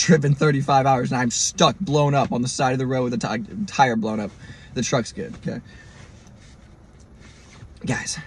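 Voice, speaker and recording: A young man hosting a podcast, telling a story in an animated, profane way and mimicking the people in it. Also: mid-range voice, husky. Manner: animated, profane, mimics others in quoted lines. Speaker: podcast host. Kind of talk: storytelling monologue.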